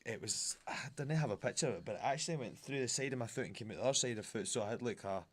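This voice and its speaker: A man's voice: medium pitch, rapid-fire. A young Scottish man, a fighter, chatting casually as a podcast guest and telling rambling stories in broad colloquial speech. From Scotland.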